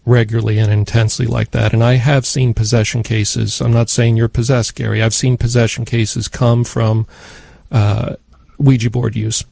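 A man answering a caller on a call-in radio show, explaining things in a calm, measured way. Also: medium pitch, gravelly, no room sound.

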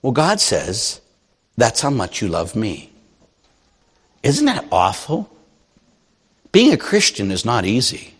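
A man's voice: medium pitch, very animated, slow pace, pauses often, husky, long reverb tail. A man preaching as a Catholic priest, telling stories animatedly and acting out the voices of the people he quotes. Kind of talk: sermon.

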